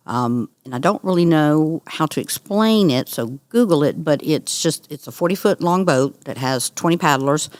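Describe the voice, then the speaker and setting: A middle-aged woman, a guest on an interview, telling her story in an earnest, animated way. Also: deep voice, moderate pace, hardly any pauses, no echo, studio quality. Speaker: guest, cancer survivor. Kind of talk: conversational interview.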